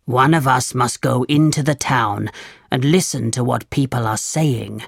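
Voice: medium pitch, measured pace, vocal fry, husky, no echo, studio quality, voice pushed down. A reader voicing the angry, commanding male leader of a band of thieves in a storybook reading, giving stern orders.

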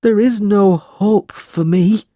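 Storybook orphan boy, high and drawn-out, hopeless, as a man reads him; dry, close sound. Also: lively intonation, darkish tone, no room sound, exaggerated voice. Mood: despairing. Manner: high, slow, wailing. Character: miserable young male orphan drudge, despairing. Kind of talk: audiobook character voice.

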